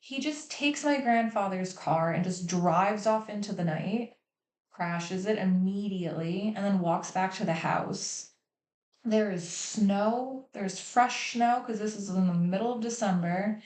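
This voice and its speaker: A woman's voice: medium pitch, measured pace, darkish tone. A woman hosting a livestream, talking candidly and emotionally about her family, swearing freely. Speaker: host. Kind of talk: candid personal talk on a livestream. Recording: echoey room.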